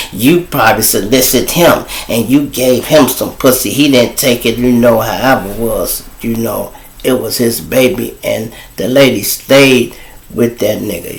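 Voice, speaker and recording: A man with a Chicago accent, hosting his own show and telling a street story in casual slang, calling the listeners y'all and jumping high in pitch when he quotes people. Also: low-quality recording. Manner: animated, jumps to high pitch for quoted lines. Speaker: storyteller host.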